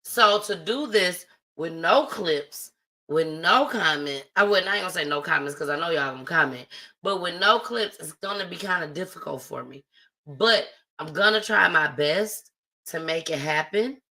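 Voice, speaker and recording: A woman's voice: lowish voice, expressive, normal speed, bright, forceful tone, low-quality recording. A woman hosting a live stream, talking casually and from the heart straight to her viewers. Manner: chatty, heartfelt, addresses viewers directly. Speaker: livestream host. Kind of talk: casual livestream talk.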